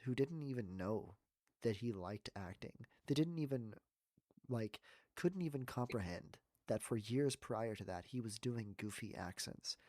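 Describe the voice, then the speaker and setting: A man's voice: fairly low pitch, darkish tone, no room sound, studio quality. A man, a voice actor and coach, talking earnestly and reflectively as a podcast guest. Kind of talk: casual podcast conversation.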